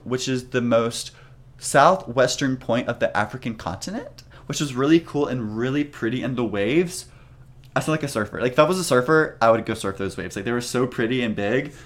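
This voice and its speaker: A man's voice: medium pitch, lively intonation, fairly quick. A young man co-hosting a podcast, casually telling a travel story in a rambling way full of "like" and restarts. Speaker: podcast co-host.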